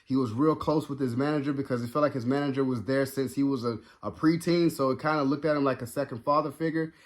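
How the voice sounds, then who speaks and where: Dude rambling through a show review, chill and chatty, tons of you know's. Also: male voice, medium pitch, fast. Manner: rambling, animated, many fillers and restarts. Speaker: video reviewer. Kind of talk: casual spoken review.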